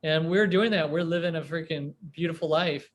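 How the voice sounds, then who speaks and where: A man in his forties from a small Midwestern town, telling a rambling, animated story as an interview guest, full of fillers and restarts. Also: a little high, normal speed. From US Midwest, small town near Chicago. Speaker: guest entrepreneur.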